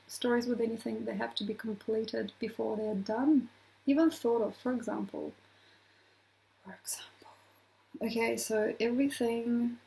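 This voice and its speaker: A woman astrologer talking casually to her viewers, animated, acting out little quoted voices and laughing often. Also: on the high side, vocal fry, rough recording. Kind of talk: casual astrology talk to camera.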